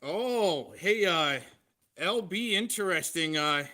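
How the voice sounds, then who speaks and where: A man hosting a livestream, reacting to a clip in a halting, casual way. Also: high-pitched, lively intonation, pushed and bright. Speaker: show host.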